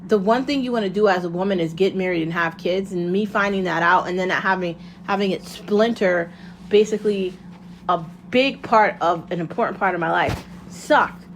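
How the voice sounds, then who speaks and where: A woman hosts her own podcast, delivering a casual motivational monologue that's candid, rambling, and freely profane. Her voice is on the low side at a normal speed, with slight background noise.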